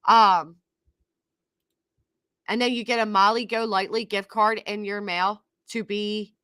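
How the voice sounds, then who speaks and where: A woman's voice: medium pitch, level tone, moderate pace, a bit bright, clear, resonant tone, dry recording, studio quality. A middle-aged woman hosting a reaction commentary, sarcastic and scornful, repeating herself for emphasis. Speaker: commentary channel host.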